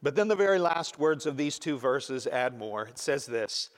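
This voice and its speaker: Emphatic preacher in an echoing hall. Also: male voice, mid-range voice, lively intonation, normal speed. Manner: emphatic, repeats key words, "you see". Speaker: pastor. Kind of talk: expository sermon. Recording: long hall reverb.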